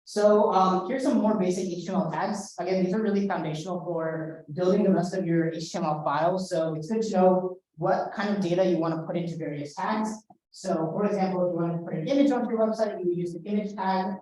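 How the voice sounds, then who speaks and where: A woman's voice: fairly low pitch, fairly even intonation, a little fast, few pauses, dark tone, far from the mic. A young woman teaching a workshop in a casual classroom manner, hesitant, with many fillers and restarts. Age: young adult. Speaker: workshop instructor. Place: lecture room. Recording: roomy echo, voice from afar.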